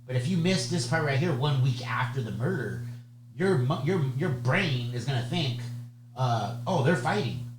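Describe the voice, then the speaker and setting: A man giving a conversational exam lecture, chatty, often checking in with "okay?" and "right?". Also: mid-range voice. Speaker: bar exam tutor. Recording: echoey room with steady hum.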